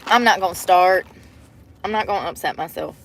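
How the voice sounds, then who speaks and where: A woman's voice: fairly low pitch, a little fast, slight background noise. A woman live-streaming from inside her car on a phone camera, chatting to viewers in a casual, profane way. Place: inside a parked car at a drive-thru.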